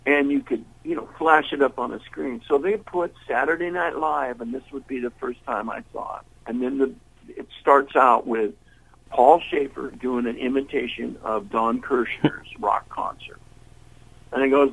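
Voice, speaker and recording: Older male blues singer, gravelly and husky, rambling storyteller who acts out every voice in his anecdotes. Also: medium pitch, unhurried, fairly bright tone, low-quality recording. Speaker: blues singer, interview guest. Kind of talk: casual storytelling interview.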